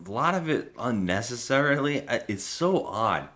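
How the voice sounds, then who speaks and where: A man's voice: mid-range voice, big pitch swings, moderate pace, a bit bright. A man co-hosting a casual podcast about bad movies, joking and rambling through his review. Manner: joking, rambling, does mock impressions. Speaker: podcast co-host.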